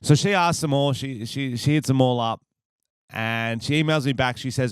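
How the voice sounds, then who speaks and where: A man's voice: mid-range voice, moderate pace, clean tone, no room sound, clean studio sound. A man with an Australian accent hosting a podcast, telling stories casually, profane and rambling, laughing at his own jokes. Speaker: podcast host.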